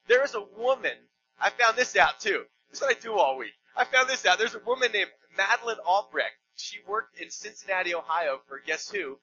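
Male pastor, bright and sharp-toned, chatty sermon with humorous asides; slightly dull recording with faint hum. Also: high voice. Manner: conversational, joking asides, emphatic storytelling. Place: church.

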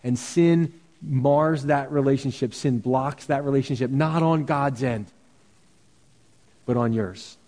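A man preaches a sermon as pastor in a church sanctuary, his mid-range voice slow and a little mellow. He speaks earnestly and conversationally, building emphasis through repeated phrases, and the recording has a reverberant hall sound that is dull and lo-fi.

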